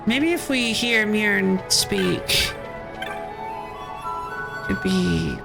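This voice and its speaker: A woman's voice: medium pitch, wildly swooping pitch, drawn-out words, creaky, pauses often, music in the background. A woman streamer giving casual let's-play commentary, musing and thinking aloud with curiosity. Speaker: game streamer.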